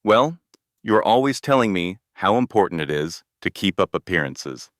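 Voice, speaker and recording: A man voicing a composed, confident young woman who speaks in a cool, steady way. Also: low voice, moderate pace, no echo, clean studio sound.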